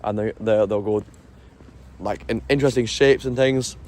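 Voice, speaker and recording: A man's voice: fairly low pitch, steady tone, normal speed, a little mellow. A man talking casually to camera as a travel vlogger on a city street at night, rambling and explaining with lots of restarts.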